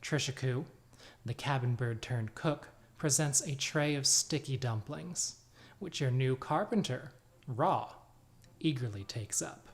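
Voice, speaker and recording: A man's voice: medium pitch, unhurried. Man narrating a tabletop game. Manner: descriptive, relaxed storytelling. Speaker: game master.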